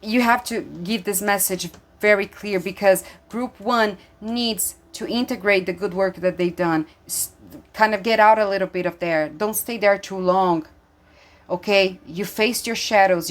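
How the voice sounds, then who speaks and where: At a measured pace and in a mid-range voice, a female tarot reader gives an intuitive reading. She speaks earnestly and emphatically, with many fillers and restarts, and sounds emotional and audibly moved.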